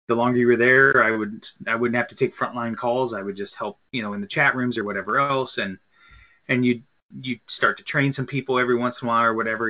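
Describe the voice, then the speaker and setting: A man's voice: medium pitch, bright, forceful tone. A man in his thirties co-hosting a casual podcast chat, telling long rambling stories with lots of fillers and restarts. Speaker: podcast co-host. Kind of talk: casual chat over beer.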